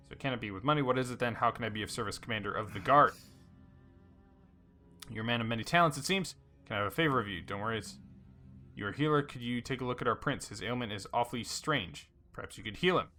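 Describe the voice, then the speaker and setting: A man plays through a story game and reads its dialogue aloud, casual and unscripted. He fills the gaps with ums and uhs and trips over a word now and then. His voice is bright and forceful at a middle pitch. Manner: reads story text aloud with fillers and small slips. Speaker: let's play host.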